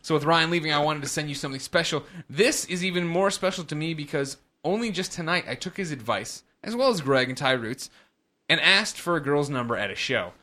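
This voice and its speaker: A man's voice: fairly high pitch, expressive, brisk, pushed and bright. A man voicing an Australian male listener reading out his email, with a put-on Australian accent. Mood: excited.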